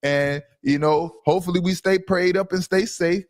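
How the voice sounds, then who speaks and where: A man hosting a casual sports talk livestream from home, loud and brash, trash-talking his commenters. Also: high voice, steady tone, normal speed. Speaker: podcast host.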